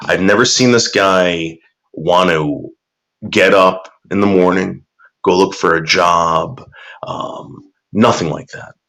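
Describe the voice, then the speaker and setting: A man's voice: sits low, takes it slowly, a bit bright. A man casually chatting and telling a rambling, profane story while reacting to viewer comments.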